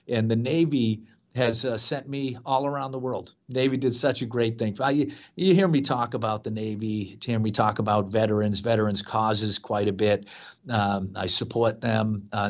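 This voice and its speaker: Middle-aged male radio host, mid-pitched, rambling storyteller, muffled broadcast sound. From Boston. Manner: rambling, chatty, frequent fillers.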